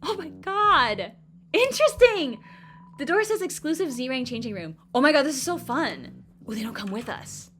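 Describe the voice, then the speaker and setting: A young woman streaming a video game, reacting with excited, swearing, laughing commentary. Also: sits high, brisk, a little hiss or hum. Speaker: gaming streamer. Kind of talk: excited casual let's-play commentary. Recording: game music under voice. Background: game music.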